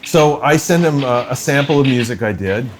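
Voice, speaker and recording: A man's voice: medium pitch, moderate pace, slight background noise. A man, a film composer and guest, telling stories in casual chat and acting out the people in them. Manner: animated storyteller, acts out phone voices. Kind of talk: casual storytelling while gaming.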